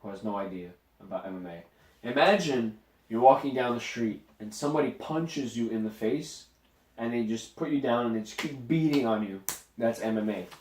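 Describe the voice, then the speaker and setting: A man's voice: mid-range voice, lively intonation, brisk, darkish tone. A man co-hosting a casual podcast and cracking jokes. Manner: joking, cracks wisecracks. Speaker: podcast co-host. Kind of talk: casual chat. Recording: echoey room, mic at a distance, faint noise.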